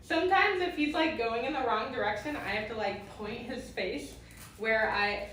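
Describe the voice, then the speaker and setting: A woman's voice: on the high side, moderate pace, a bit bright. A woman teaching a live-streamed roller skating lesson, chatty and giggly, breaking off to coax her dog. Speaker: roller skate instructor. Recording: very echoey, far from the mic, faint noise.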